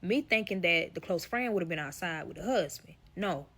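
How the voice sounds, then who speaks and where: A woman's voice: lowish voice, animated, brisk, a crowd in the background. A woman telling a personal story in casual, profane fashion, talking straight to her audience. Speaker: storyteller guest.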